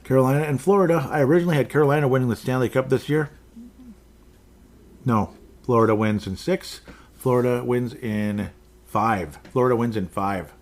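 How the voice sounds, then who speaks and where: A man's voice: mid-range voice, a little fast. A man hosting a podcast, talking casually through sports predictions, rambling and correcting himself, often chuckling. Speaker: podcast host.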